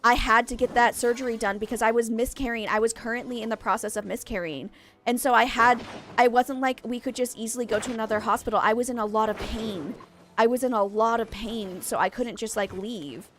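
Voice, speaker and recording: A woman's voice: a little high, fairly even intonation, a little fast, a bit bright, slight background noise. A young adult woman streaming a game, chatting casually in a rambling way, full of exclamations and restarts. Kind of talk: casual chat while gaming live.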